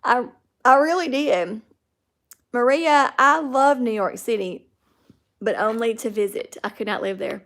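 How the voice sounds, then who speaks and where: Chatty Southern woman with a gravelly voice. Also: on the high side, unhurried, a bit bright. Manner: chatty, talks to viewers by name. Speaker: livestream host. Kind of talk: casual livestream chat reading viewer comments.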